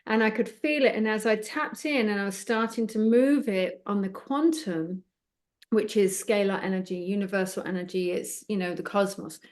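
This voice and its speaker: Middle-aged woman, chatty interview guest, tells stories fast and acts out the back-and-forth, mid pitch. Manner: animated anecdotes, acting out both sides of the dialogue. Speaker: psychic medium guest. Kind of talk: conversational interview storytelling.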